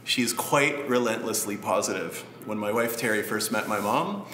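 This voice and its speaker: A man preaching a sermon in a relaxed, conversational way with light humor. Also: lowish voice, normal speed, roomy sound, slight background noise. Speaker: pastor.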